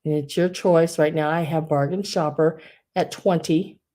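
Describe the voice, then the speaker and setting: A woman's voice: low-pitched, steady tone, moderate pace, warm tone. A middle-aged woman hosting a live online sale, gushing over collectible figurines and reading out bids in a chatty way. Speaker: live online auction seller. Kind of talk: live-stream sale chat.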